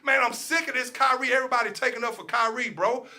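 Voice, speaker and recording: High-pitched guy on a sports show, really bright sharp voice, ranting and cussing about teams, keeps repeating himself. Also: quick pace, slight background noise. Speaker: sports talk show co-host. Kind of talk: heated casual sports talk.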